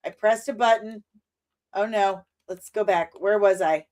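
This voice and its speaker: A woman in her forties hosting a casual reaction to a trailer, animated and exclamatory with mock outrage. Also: medium pitch, measured pace. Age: 40s.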